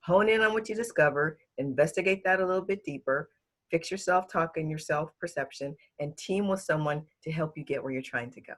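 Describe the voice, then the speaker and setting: A woman's voice: low voice, a little fast. Emphatic woman coach giving tips. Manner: emphatic, repeats words for stress. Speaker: executive coach, interview guest. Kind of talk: giving advice in an interview.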